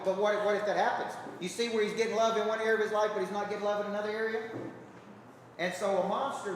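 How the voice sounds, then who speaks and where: High-voiced man coaching in an echoey hall. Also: far from the mic, a little hiss or hum. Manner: emphatic, repeats rhetorical check-ins with the crowd. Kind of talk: seminar talk to an audience. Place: large hall with a live audience.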